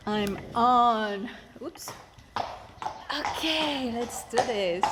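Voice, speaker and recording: A woman chatting excitedly and giggling while riding her horse outdoors, holding the camera. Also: on the high side, extremely slow, long pauses, noisy background. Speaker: riding coach vlogger. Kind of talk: casual vlog. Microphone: handheld camera.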